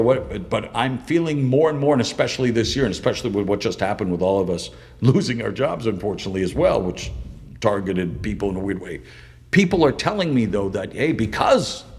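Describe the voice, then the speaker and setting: Gravelly middle-aged man, intense, reverberant room. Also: mid-range voice. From Canada, British Columbia. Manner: intense, emotional, quick swings between loud and hushed. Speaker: podcast guest. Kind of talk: candid interview storytelling.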